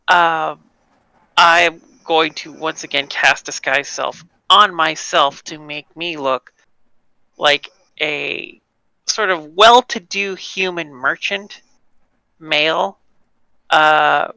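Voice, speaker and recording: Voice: medium pitch, slow, pauses often, pushed and bright, smooth, dry recording, rough recording. A tabletop player chatting casually and describing their character's actions, with many fillers. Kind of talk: casual tabletop role-play.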